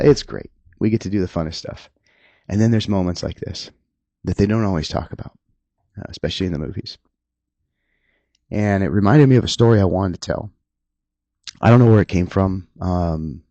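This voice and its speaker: A middle-aged man, a police officer, talking earnestly and emotionally about the job, halting and restarting at times. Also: deep voice, vocal fry, warm tone, no room sound, dull audio. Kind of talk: candid personal talk.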